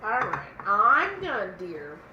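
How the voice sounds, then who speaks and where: A woman's voice: mid-range voice, wildly swooping pitch, takes it slowly, roomy sound, dull audio, a little hiss or hum. A woman co-hosting a casual cooking live stream, chatting and reading viewer comments aloud. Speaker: cooking channel co-host.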